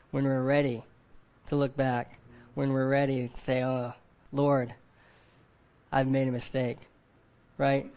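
A man's voice: medium pitch, dull audio. A man preaching a sermon to a group of men. He keeps asking them questions, often adds "right?", and acts out other people in quoted voices.

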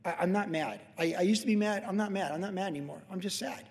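Late-fifties male pastor, chatty, meandering storyteller, voice on the higher side, recorded with reverb in a big hall. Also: quick pace. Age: late 50s. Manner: rambling, conversational, with many restarts and "like". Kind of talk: casual sermon storytelling.

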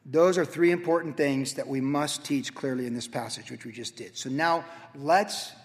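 Animated pastor preaching in a reverberant church. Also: male voice, fairly high pitch. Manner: animated storytelling, acts out his own past self. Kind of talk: sermon. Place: church sanctuary. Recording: church hall with long reverb.

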